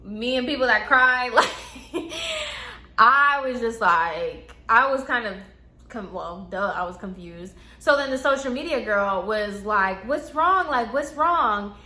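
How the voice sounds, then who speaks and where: A woman's voice: medium pitch, a little slow, pushed and bright. A woman telling a casual storytime about a coworker, chatty and full of fillers. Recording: echoey room.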